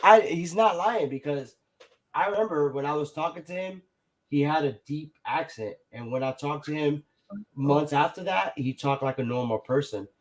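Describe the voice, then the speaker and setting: A man's voice: on the high side, animated, normal speed. A man telling a personal story in casual chat, rambling, swearing and acting out other people's lines. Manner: rambling, full of "like" and "you know", swears freely.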